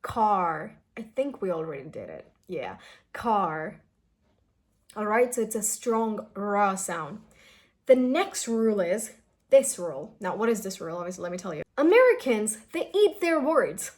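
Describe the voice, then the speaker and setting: A woman's voice: medium pitch, big pitch swings, moderate pace, a little mellow. A young woman from India teaching an English pronunciation lesson in a casual, chatty way, drawing out sounds to demonstrate them.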